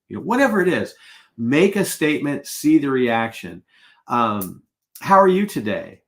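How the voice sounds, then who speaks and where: A man's voice: medium pitch, big pitch swings, a little slow, a bit bright. A middle-aged man coaching salespeople on a live webinar, casual and full of anecdotes, acting out the exchanges he quotes.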